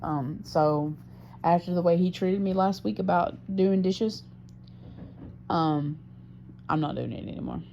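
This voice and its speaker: A woman's voice: fairly low pitch, measured pace, vocal fry, long pauses, warm tone, muffled recording, slight background noise. A woman recording a personal audio diary, venting her frustration about her partner and swearing heavily. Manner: profane, frustrated, heavy swearing. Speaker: diarist.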